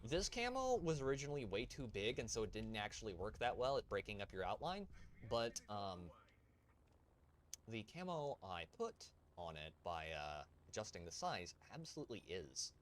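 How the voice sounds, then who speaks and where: Chatty male streamer, lively delivery. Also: on the low side, moderate pace. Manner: chatty, jokey asides to chat. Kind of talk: live gameplay commentary.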